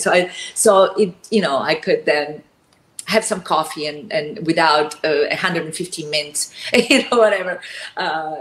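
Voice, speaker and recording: A woman chatting as an interview guest, animated and quick to laugh. She acts out the people in her story. The room around her is noticeably echoey. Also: fairly low pitch. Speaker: guest actress. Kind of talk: casual interview chat.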